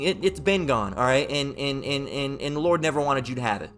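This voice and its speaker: A man's voice: mid-range voice, animated, fairly quick, a bit bright, faint music behind. A man giving a heated Bible commentary, mocking, profane and repetitive as he reads and rants. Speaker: Bible teacher.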